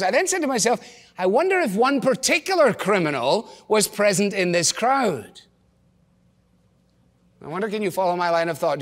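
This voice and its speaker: A man's voice: high-pitched, fairly bright tone, in a large hall. A man preaching a sermon, earnestly asking his congregation rhetorical questions. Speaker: pastor. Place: church.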